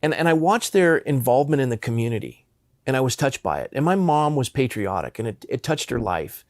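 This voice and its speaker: A man's voice: mid-range voice, big pitch swings, brisk, no room sound, studio quality. A man in his fifties, a pastor from Southern California, earnestly telling personal stories in an interview. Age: 50s. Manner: earnest, impassioned.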